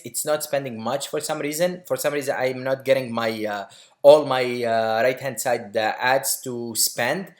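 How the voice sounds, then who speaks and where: Male tutor, mid-range voice, relaxed off-the-cuff explainer, frequent fillers. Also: medium pitch. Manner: quick, loose explaining with many fillers and restarts. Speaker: online marketing instructor. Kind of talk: casual screen-share tutorial.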